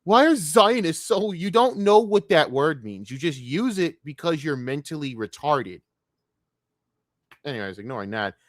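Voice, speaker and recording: A man's voice: on the high side, very animated, measured pace, no room sound, clean studio sound. A man streaming live, talking casually and ranting in a profane, combative, mocking way.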